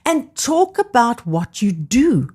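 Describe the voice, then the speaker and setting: A woman's voice: a little high, takes it slowly, slightly rough. A middle-aged South African woman with a South African accent, telling stories with enthusiasm as a guest on a podcast interview. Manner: enthusiastic, animated storyteller.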